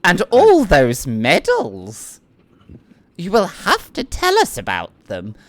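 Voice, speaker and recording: A woman voicing a flirtatious aristocratic lady in a tabletop game, with a teasing, drawn-out manner. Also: fairly low pitch, huge pitch swings, heavily acted.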